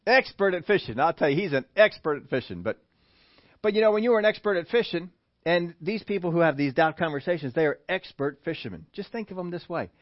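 A man preaching a sermon, animated, who acts out the voices he quotes. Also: on the high side, fast talker, dry recording, dull audio. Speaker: pastor.

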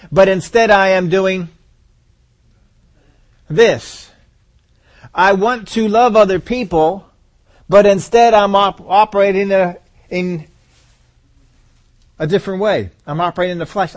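A man preaching a sermon, asking the congregation rhetorical questions and repeating phrases for emphasis. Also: a little high.

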